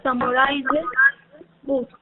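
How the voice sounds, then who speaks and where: A woman student reading a list of English words aloud in an online class, steady and even. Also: sits high, slow pace. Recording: tinny online call with faint noise.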